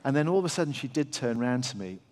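A man's voice: medium pitch, lively intonation, darkish tone. English man telling a story in a hall. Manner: halting, self-deprecating storytelling with many fillers and restarts. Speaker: surgeon telling a story on stage. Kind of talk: live anecdote at a festival talk. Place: large festival venue with audience. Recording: long hall reverb from a big venue.

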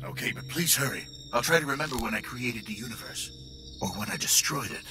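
An actor playing a disembodied male brain in a jar, confused and grandiose, swinging wildly in pitch in a video game. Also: lively intonation, fairly quick, natural voice. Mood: giddy. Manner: wildly swinging pitch, euphoric, breathless wonder. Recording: game audio with music behind.

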